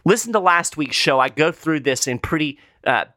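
A man's voice: a little high, expressive, normal speed, pushed and bright, no room sound. A man hosting a show, delivering a skeptical solo commentary with emphatic, sarcastic asides. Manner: opinionated, skeptical. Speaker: show host.

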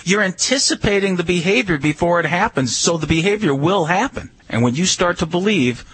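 On a radio show, a man gives casual advice about dog behavior, telling stories in an emphatic, animated way. His voice is high, husky, and a little fast, with no echo.

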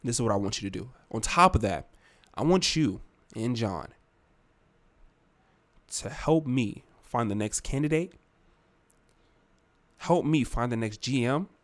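A man's voice: mid-range voice, expressive, unhurried, pauses often, pitched below the performer's own voice, natural voice. A man doing a pleading team owner making big promises. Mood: bargaining. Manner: earnest, persuasive, makes big promises. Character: pleading male team owner courting his star.

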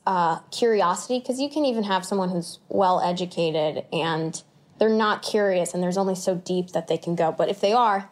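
A woman in her twenties, an actor as an interview guest, telling stories in a chatty, animated way with lots of fillers and laughs. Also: mid-range voice. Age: 20s. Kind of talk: casual conversational storytelling.

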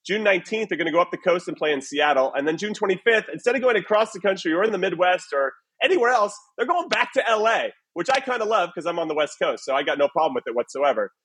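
A male podcast host with a fairly high, husky voice, leading the show in an upbeat, playful way. He banters loosely with his co-hosts and sets up a guessing game. The sound has the feel of a video call. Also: animated, fast, few pauses, fairly bright tone. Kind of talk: casual soccer podcast chat. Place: away from his usual recording spot.

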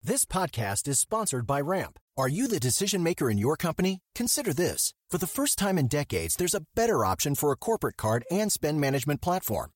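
A man's voice: a little high, very animated, brisk, hardly any pauses, dry recording, studio quality. A man reading a scripted, persuasive sponsor advertisement. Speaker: ad reader. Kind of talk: read advertisement.

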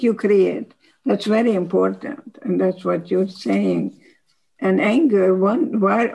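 A woman in her nineties speaks slowly and deliberately, her voice gravelly with age. She gives firm, practical life advice in a conversational interview, pressing each point home. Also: mid-range voice, darkish tone, rough recording. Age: 90s. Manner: slow, emphatic, wise advice-giving. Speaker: guest.

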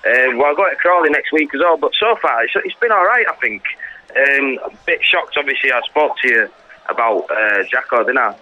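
A man with a southern English accent calling into a podcast, relaxed and hesitant with lots of fillers. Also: medium pitch, fairly quick, highs cut off. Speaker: caller. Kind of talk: casual chat.

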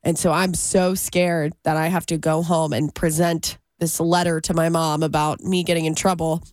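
A woman co-hosting a radio show, telling a story in casual chat and acting out the quotes in a higher voice. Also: flat delivery, moderate pace, darkish tone, no echo, studio quality. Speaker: radio co-host.

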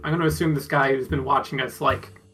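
A man's voice: medium pitch, steady tone, fast, fairly bright tone, soft background music. A man playing a tabletop game, describing his character's moves and thinking aloud with many fillers. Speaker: player.

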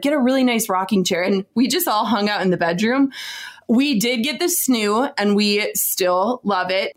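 A woman in her thirties, co-hosting a casual chat with her husband, talking freely, laughing often and saying "like" a lot. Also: mid-range voice. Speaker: podcast co-host.

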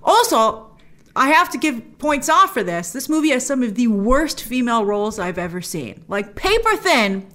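A woman giving a casual film review to camera, chatty and animated, acting out her own reactions. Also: on the high side, moderate pace.

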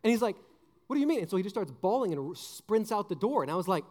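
High-voiced young man preaching animatedly. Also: fast, in a large hall. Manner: animated, joking, many restarts and "like". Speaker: junior high pastor. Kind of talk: youth sermon with storytelling.

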